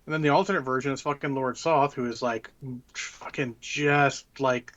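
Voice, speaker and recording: A man's voice: medium pitch, fairly even intonation, moderate pace, a bit bright, dull audio. A man co-hosting a tabletop gaming podcast, ranting bluntly and swearing a lot in casual chat. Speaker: podcast co-host.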